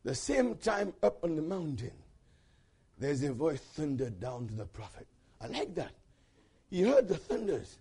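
A man preaching a sermon with passion, swinging from shouted peaks to hushed low passages and calling out questions to the congregation. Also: very animated, measured pace, husky.

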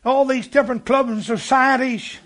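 High-voiced preacher. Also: male voice, steady tone, normal speed. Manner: fervent, rising to shouts. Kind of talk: sermon storytelling.

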